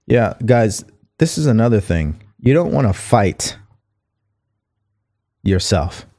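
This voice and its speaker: A man with a fairly low voice hosts a motivational talk show, reading passages aloud and repeating key lines so listeners catch them. The sound is dry and close, with no room echo. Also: sing-song, takes it slowly, warm tone. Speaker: podcast host.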